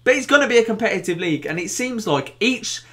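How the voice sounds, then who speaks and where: A young man with a Birmingham accent hosting a casual football vlog, animated and jokey, with bursts of excitement. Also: high voice, fast talker. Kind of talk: casual to-camera football chat.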